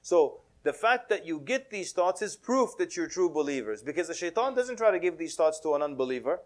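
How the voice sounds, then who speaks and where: A man's voice: a little high, very animated, brisk. A man giving a casual sermon to a mosque audience, telling stories with humor, acting out quoted voices and mixing in Arabic religious phrases. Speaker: Islamic preacher.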